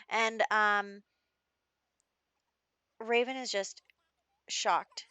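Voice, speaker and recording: A chatty woman talks through her life-sim gameplay like she's telling a friend a story, leaning on "like" and "you know". Her voice sits at an ordinary middle pitch and sounds close and dry, with no room around it. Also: normal speed, a bit bright, dry recording. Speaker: Sims let's play host. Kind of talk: casual gameplay narration.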